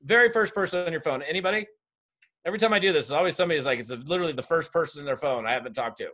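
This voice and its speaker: High-voiced energetic male sales coach. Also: very fast. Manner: energetic, direct, talks straight to the audience. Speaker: network marketing trainer. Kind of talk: coaching a group on a video call. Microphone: video call.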